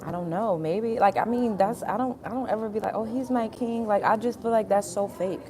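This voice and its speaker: A woman's voice: mid-range voice, brisk, a crowd in the background. A young woman hosting a livestream, talking bluntly and profanely straight to her viewers in a repetitive, emphatic rant. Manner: repetitive, addresses viewers directly. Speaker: livestream host.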